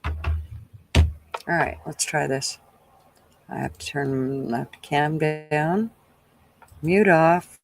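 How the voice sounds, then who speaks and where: A man's voice: a little high, measured pace, gravelly, pauses often. A man hosting a live stream, chatting casually with viewers and making wry, muttered asides. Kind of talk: casual reaction commentary.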